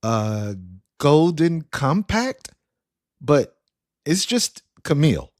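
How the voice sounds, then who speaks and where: A man's voice: on the high side, sing-song, extremely slow, no echo, studio quality, full character voice. A man voicing a skeptical, sarcastic young woman working as a museum night guard. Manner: incredulous, sarcastic.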